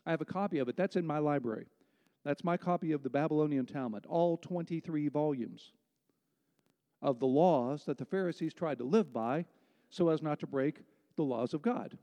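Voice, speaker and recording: A pastor preaching a sermon, conversational and emphatic, with rhetorical questions to the congregation. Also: male voice, a little high, moderate pace, dark tone, in a large hall.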